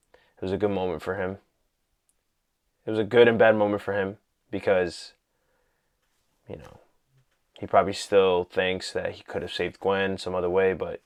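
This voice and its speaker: A man casually talking through a film he loved, excited and rambling, full of "you know" and "like". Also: low-pitched. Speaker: vlogger reviewing a film. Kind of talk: casual movie talk.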